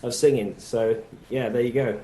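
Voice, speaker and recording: A man's voice: medium pitch, fairly even intonation, moderate pace, roomy sound, a loud crowd. Rambling man with a Bristol accent. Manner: rambling, many verbal fillers. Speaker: musician guest. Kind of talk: casual interview chat.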